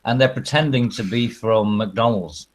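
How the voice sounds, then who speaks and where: A man's voice: on the low side, moderate pace, poor audio. A man hosting a casual livestream, rambling through stories with crude humor, fillers and frequent laughter. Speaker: stream host.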